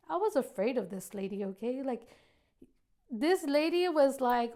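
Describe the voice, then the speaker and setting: A woman telling a personal story in a lively way, acting out the dialogue and saying "like" often. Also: high voice, normal speed. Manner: lively, acts out quoted dialogue, frequent "like". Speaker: guest sharing her testimony.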